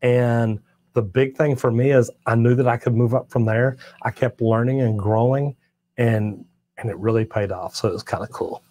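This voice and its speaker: A man's voice: mid-range voice, fairly even intonation, moderate pace, warm tone. A middle-aged man from Texas, a master plumber hosting a live stream, answering viewer comments in a friendly, encouraging way and often repeating himself.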